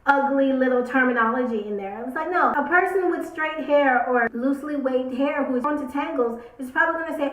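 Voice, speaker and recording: A woman's voice: sits high, a little fast, hardly any pauses. A young woman in her twenties, a beauty vlogger, speaking emphatically and opinionated to camera, repeating words for stress. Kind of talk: casual talk to camera. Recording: roomy echo.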